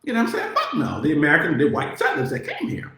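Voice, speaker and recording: A man giving a casual political monologue, talking in a profane, animated way, with many filler words. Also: on the high side, quick pace. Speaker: political commentator. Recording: very echoey room.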